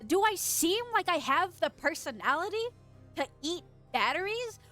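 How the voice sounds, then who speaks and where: A high-pitched woman streamer chatting with her audience, her voice leaping all over the place as she giggles and teases. She swears casually and sounds a little stuffy in the nose, close to her desk mic, with faint music under her. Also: very animated, moderate pace, a bit bright. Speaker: streamer reading chat. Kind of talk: casual live-stream chat. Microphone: desk microphone.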